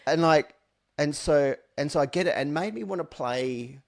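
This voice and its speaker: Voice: mid-range voice, normal speed, creaky. A podcast host in casual interview chat, encouraging, backchanneling often and swearing casually.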